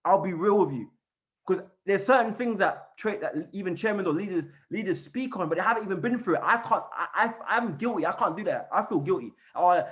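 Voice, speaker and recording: A man giving an energetic motivational training on a call, repeating and chanting phrases as he coaches his team. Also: sits high, a little fast. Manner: fired-up, repetitive, chanting phrases. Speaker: network marketing trainer. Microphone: call recording.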